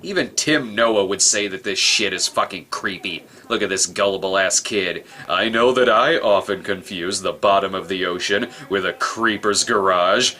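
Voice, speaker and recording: A man's voice: deep voice, normal speed, few pauses, pushed and bright. A man reviewing a bad film in a comedic voice-over, sarcastic and profane.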